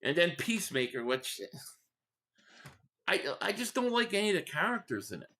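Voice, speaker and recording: His voice is high, sing-song and sharp, at a normal speed. The Philly-area man is live-streaming a football game, rambling through casual chat, reading viewer messages out and giving blunt opinions as a fan.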